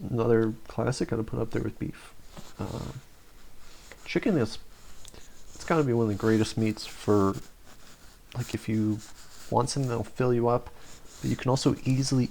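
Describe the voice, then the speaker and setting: A man's voice: mid-range voice, vocal fry, a little mellow, a little hiss or hum. A young man hosting a podcast, rambling through a casual tier-list chat with lots of swearing, restarts and fillers. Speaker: podcast host.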